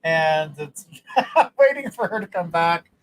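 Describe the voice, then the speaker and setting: A woman co-hosting a livestream, speaking lightly and laughing while she covers a technical pause. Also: fairly low pitch, animated, low-quality recording.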